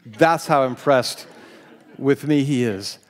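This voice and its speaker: A man's voice: medium pitch, slow pace. A male pastor preaching a sermon, telling stories with self-deprecating humor and laughing now and then. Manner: storytelling, self-deprecating, laughs while speaking. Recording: long hall reverb.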